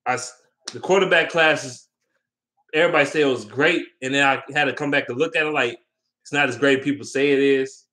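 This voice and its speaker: Bright-voiced man rambling about sports. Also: medium pitch, fairly quick. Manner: rambling and opinionated, with loose slang and frequent ums. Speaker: sports vlogger. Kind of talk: casual sports talk.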